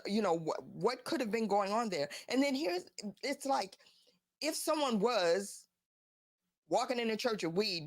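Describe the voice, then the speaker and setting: A woman's voice: mid-range voice, dry recording, studio quality. A woman hosting a live show, talking casually and animatedly, firing off incredulous rhetorical questions. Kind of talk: casual commentary.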